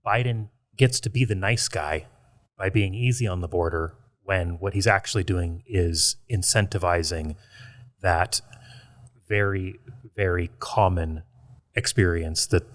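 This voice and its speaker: A man who is a guest on a podcast, making his points in a measured, argumentative way. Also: low-pitched, no echo, studio quality. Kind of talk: casual podcast conversation.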